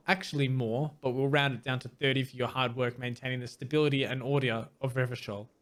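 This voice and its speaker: A man hosting a let's play, reading game dialogue aloud and breaking in with wry asides, sometimes tripping over hard words. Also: medium pitch. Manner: reads text plainly, mixed with wry asides.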